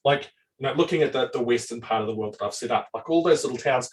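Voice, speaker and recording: A man chatting casually as a dungeon master, rambling and animated, with frequent restarts and swearing. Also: medium pitch, quick pace, recorded from a distance, poor audio. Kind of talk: casual chat.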